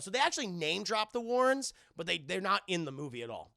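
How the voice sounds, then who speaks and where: Young male streamer, gravelly and bright, rambling profane recap, dry mic. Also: high voice, sing-song, quick pace, few pauses, no room sound. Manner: rambling, hesitant, swears often. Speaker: streamer reviewing a film with live chat. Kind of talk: casual profane movie recap.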